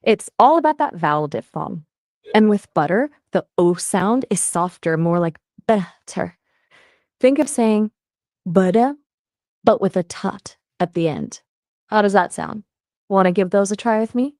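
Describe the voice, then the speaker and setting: A synthetic-sounding woman's voice as an AI conversation partner, upbeat and playful, with lively jumps in pitch. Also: normal speed, dry recording, studio quality. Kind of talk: chatty voice assistant conversation.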